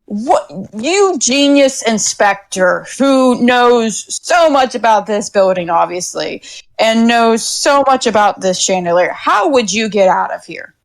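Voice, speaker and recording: A woman doing a deadpan dim young inspector. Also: on the high side. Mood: suspicious. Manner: deadpan, slow and drawn out. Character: slow-witted young male inspector, deadpan.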